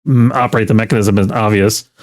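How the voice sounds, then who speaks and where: A man's voice: fairly low pitch, fairly even intonation, crowd noise. Man running a tabletop game. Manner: loose, filler-heavy narration with quick character lines. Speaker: game master.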